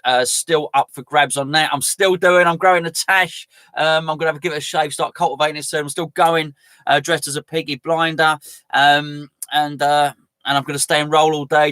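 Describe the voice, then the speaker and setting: A man's voice: fairly high pitch, pushed and bright, dry recording. A man hosting a live fan stream, talking casually in a chatty, rambling way. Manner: chatty, rambling, self-mocking. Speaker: fan channel host.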